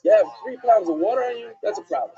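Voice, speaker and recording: A rabbi leads a live-streamed Talmud class, a man putting questions to his listeners and answering them himself. His voice is high and mellow, with a swooping, animated delivery. The sound is husky and comes through dull, lo-fi stream audio. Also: fast talker.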